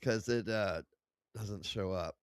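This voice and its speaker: Guy on a livestream cussing and cracking up at chat, slowish talker, dry close mic sound. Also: on the low side, smooth, no room sound. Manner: profane, mocking, laughs often. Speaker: livestream host. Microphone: close desk mic.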